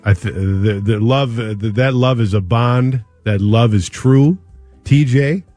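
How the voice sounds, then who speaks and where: Comedy sketch: man as a folksy Minnesota psychic, thick Minnesota accent, stumbling on uhs, with soft music behind. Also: medium pitch, a little slow, lightly acted. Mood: confident. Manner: hesitant, lots of uhs, chuckling. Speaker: comic playing a psychic.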